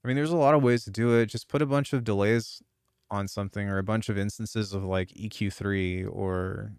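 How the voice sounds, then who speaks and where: A man's voice: lowish voice, steady tone, fairly quick, a little mellow, clean tone, no echo, clean studio sound. A man who produces music, chatting casually on a live stream, rambling and swearing freely with lots of restarts. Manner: rambling, profane, frequent restarts.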